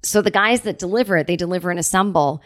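A woman's voice: on the low side, fast talker, dry recording, clean studio sound. Chatty woman telling home stories. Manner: chatty, animated, acts out quoted people. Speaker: podcast host. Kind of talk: casual solo storytelling. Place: home apartment.

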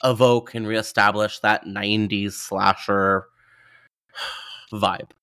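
Gravelly, opinionated man podcast co-host. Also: fairly low pitch, level tone, takes it slowly, pushed and bright, no room sound, studio quality. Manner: opinionated, playful, repeats words when starting. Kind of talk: casual movie review chat.

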